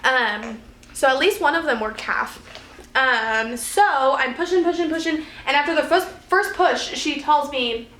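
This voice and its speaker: High-voiced chatty young woman vlogger. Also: measured pace, slight background noise. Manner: chatty, animated, many fillers and laughs. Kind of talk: casual storytelling. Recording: echoey room.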